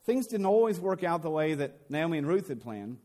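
A male pastor with a noticeably high voice delivers a sermon. He retells the old story in plain, conversational language, with a lively, animated delivery. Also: fairly quick. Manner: retells scripture in lively everyday speech.

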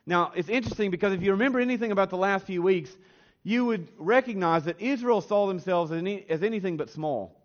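A man preaching a sermon as a pastor, earnest, his voice rising in pitch and force on emphatic lines. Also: fast. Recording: slightly dull, lo-fi sound.

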